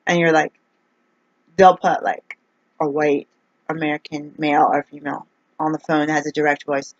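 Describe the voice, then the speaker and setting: A woman's voice: deep voice, flat delivery, fairly quick, long pauses, no room sound. Exasperated rambling woman, dull dry recording. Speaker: vlogger. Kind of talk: casual vlog rant.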